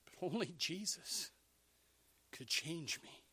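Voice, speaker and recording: Animated preacher man with a bright voice. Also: fairly high pitch, takes it slowly, slightly rough. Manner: animated, swings between shouting and hushed asides. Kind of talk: sermon.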